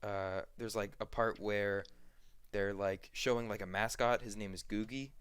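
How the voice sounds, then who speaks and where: Young male podcast co-host, casual and rambling, mid-pitched voice, dry close sound. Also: unhurried, clean tone, no room sound. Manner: rambling, animated retelling with acted quotes and many fillers. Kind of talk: casual chat.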